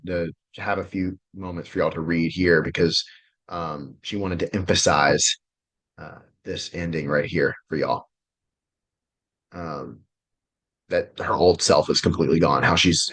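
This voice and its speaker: Man with a lowish voice, relationship coach, loose, profane and excitable delivery, video-call sound. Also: slightly rough. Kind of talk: casual online class presentation.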